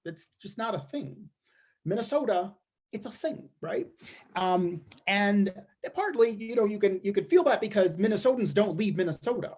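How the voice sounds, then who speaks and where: A man's voice: high voice, expressive, moderate pace, a little mellow. A man giving a wry, observational comic storytelling monologue, often restarting his sentences. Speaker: storyteller performer. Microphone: streamed performance mic.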